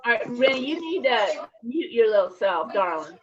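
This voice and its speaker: A woman's voice: a little high, sing-song, normal speed, heavy background noise. A woman giving a frank, casual personal talk at a recovery conference, emotional and peppered with slang. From Champaign, Illinois area. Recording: muffled lo-fi conference audio.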